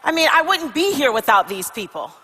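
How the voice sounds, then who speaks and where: A woman playing a bright, halting, doubtful traveler. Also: high voice, very animated, long reverb tail, full character voice. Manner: hesitant, halting, confessional. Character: weary, doubting woman traveler, self-critical. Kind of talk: motivational comedy skit.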